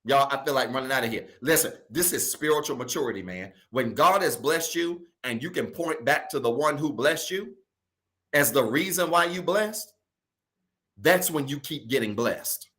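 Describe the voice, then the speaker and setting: A male pastor preaching a sermon in a casual, colloquial way, repeating key phrases and swinging from loud emphasis to soft asides. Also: medium pitch, animated, moderate pace.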